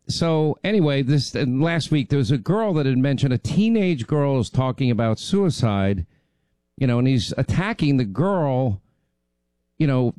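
This radio host, recovering from laryngitis, keeps his casual show going with rambling, filler-heavy chatter. His medium-pitched voice has a darkish tone, and there's no echo.

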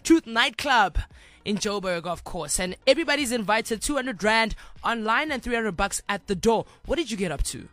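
A man's voice: high voice, expressive, normal speed, sharp tone, no echo. A man hosting a casual chat, upbeat as he plugs an upcoming party. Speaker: podcast host.

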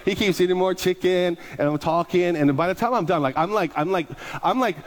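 Animated higher-voiced male pastor preaching. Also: a little fast. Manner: animated, repeats words and acts out people. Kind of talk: storytelling sermon.

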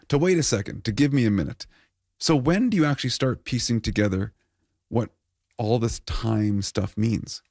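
A man's voice: lowish voice, darkish tone, dry recording, studio quality. A middle-aged man co-hosting a show, playful and teasing in casual chat. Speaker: co-host.

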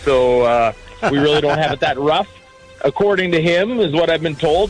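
A man's voice: fairly high pitch, normal speed, soft background music, low-quality recording. A man, a farmer telling wry, folksy comic stories on a radio call-in. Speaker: farmer comedian guest. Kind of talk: comic rural storytelling.

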